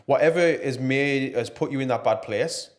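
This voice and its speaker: A man's voice: mid-range voice, moderate pace. A man talking earnestly and passionately as a podcast guest, with plenty of fillers. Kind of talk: casual podcast interview.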